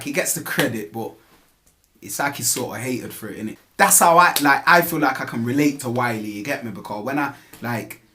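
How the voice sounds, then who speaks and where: A man's voice: medium pitch, fairly bright tone. A young man, a grime MC answering interview questions casually in street slang, often tagging on "you get me" and repeating words as he starts. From England.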